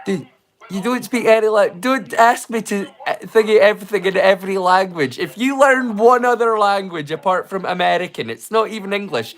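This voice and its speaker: A man's voice: high-pitched, moderate pace, fairly bright tone. A man from Scotland with a Northeast Scottish Doric accent, chatting casually and jokingly with his livestream chat. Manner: joking, rambling, playful. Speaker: livestream host.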